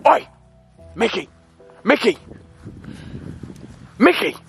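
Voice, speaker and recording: A young man filming an acted vlog skit, shouting pleas and orders at a prankster, then calmly talking to his viewers. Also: on the high side, slow pace, gravelly, pauses often, soft background music. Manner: shouting pleas and commands, then calm to-camera wrap-up. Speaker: vlogger. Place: outdoors and in a car at night.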